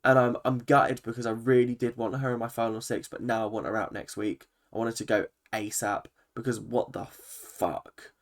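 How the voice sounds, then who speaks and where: A man's voice: medium pitch, moderate pace, hardly any pauses. A man, a vlogger giving an opinionated, swear-laden recap of a reality TV episode. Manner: animated, opinionated, swears freely. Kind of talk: ranting reaction commentary.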